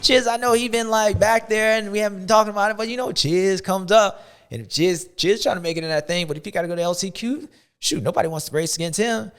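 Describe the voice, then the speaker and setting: A man's voice: sits high, fast talker, a bit bright, clear, resonant tone, faint music behind. A man hosting a show, giving playful, slangy, rambling sports commentary. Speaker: show host.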